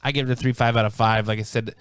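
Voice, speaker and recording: A man hosting a laid-back comic review chat, his voice smooth and resonant in a dry, close space. He rambles through each summary, doubling back and filling pauses with ums. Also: medium pitch, steady tone, a bit bright, no echo. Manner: rambling, restarts often, many ums. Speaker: comic book reviewer, podcast host.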